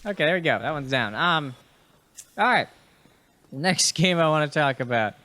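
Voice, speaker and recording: A man's voice: a little high, animated, normal speed, pushed and bright. Chatty young man rambling while gaming. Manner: rambling and chatty, with fillers and restarts; swears casually and talks to enemies on screen. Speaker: host and gamer. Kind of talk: casual gaming podcast commentary while playing.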